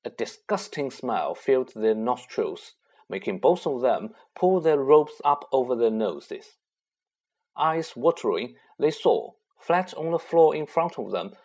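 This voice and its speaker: A man narrating a children's fantasy novel aloud with expressive storytelling and a husky voice. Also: mid-range voice. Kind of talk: audiobook reading.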